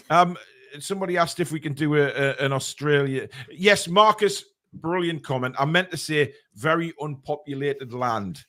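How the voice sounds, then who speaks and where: Rambling Geordie man, slightly high voice. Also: animated, measured pace, fairly bright tone. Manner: rambling, stumbling over words. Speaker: podcast host. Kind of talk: casual chat.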